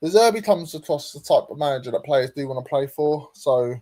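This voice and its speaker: A man's voice: on the high side, expressive, a little fast, warm tone. A man hosting a casual livestream chat, reading out viewer comments with lots of hesitant ums. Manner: reads viewer comments aloud, chatty and hesitant. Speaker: host.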